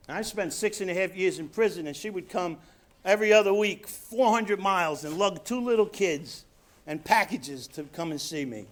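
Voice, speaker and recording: A middle-aged man from New York telling his own recovery story at a convention, acting out quotes and dropping quiet for emphasis. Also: high-pitched, moderate pace. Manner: storytelling with acted quotes, drops to quiet emphasis, laughs at himself. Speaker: recovery speaker. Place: convention hall stage.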